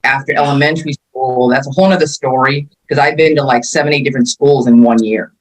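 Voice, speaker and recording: Animated woman in her fifties telling stories. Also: a bass voice, fast, rough recording. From California. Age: 50s. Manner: animated storyteller acting out quotes. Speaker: martial arts instructor and guest. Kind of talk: casual storytelling interview.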